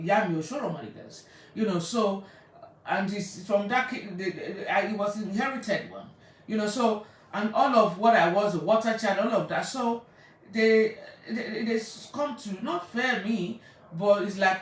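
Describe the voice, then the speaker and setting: A woman telling stories in a rambling, chatty way on a live stream, laughing often and stopping to greet viewers. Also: mid-range voice. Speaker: spiritual practitioner. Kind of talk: casual storytelling on a live stream. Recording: very echoey room, far from mic.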